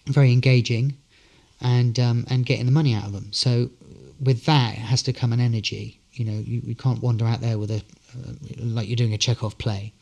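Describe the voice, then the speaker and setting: A man's voice: medium pitch, fairly even intonation, a little fast, gravelly, darkish tone, lo-fi sound. A man telling a long anecdote as a podcast guest, full of fillers and restarts. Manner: rambling storyteller, many fillers and restarts. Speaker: guest, street performer.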